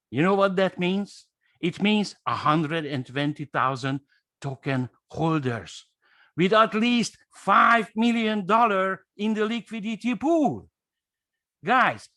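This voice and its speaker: A man whose first language is Hungarian, giving an enthusiastic guest pitch on a webinar, stressing points and tagging them with "okay?". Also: fairly bright tone, dry recording. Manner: emphatic, repeats "okay?" and key phrases. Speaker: guest speaker.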